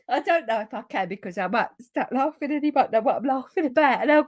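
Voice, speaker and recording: A woman's voice: sits high, animated, quick pace, few pauses. A woman in her fifties hosting a live papercraft stream, chatting casually and constantly breaking into giggles. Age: 50s. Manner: giggly, keeps breaking into laughter and apologizing. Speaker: papercraft livestream host. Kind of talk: casual live crafting chat.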